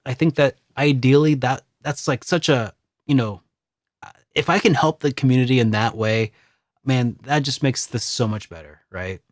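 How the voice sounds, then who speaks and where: A man's voice: mid-range voice, normal speed, dry recording, studio quality. A man co-hosting a gaming podcast, rambling in easygoing chat with many restarts. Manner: rambling, lots of restarts and fillers. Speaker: podcast co-host.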